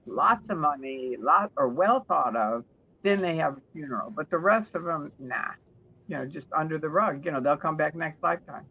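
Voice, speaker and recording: Woman guest rambling through stories, restarts a lot, kinda muffled stream audio. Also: low-pitched. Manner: chatty, warm storyteller who often restarts sentences. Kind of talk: telling stories in an interview.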